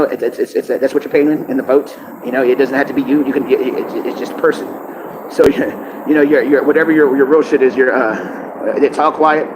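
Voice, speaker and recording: A man's voice: medium pitch, noisy background. A man talking in a rambling, profane monologue, laughing often and restarting his sentences.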